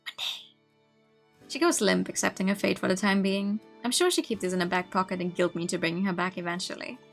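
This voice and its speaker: A woman streamer reading a visual novel aloud, with expressive narration and laughing asides. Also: medium pitch, quick pace, creaky, soft background music.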